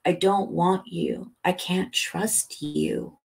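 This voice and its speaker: A woman's voice: fairly low pitch, steady tone, slow pace, creaky, pitched above the performer's own voice. Woman reading as a tired, fed-up man. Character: weary, angry man narrator in the story.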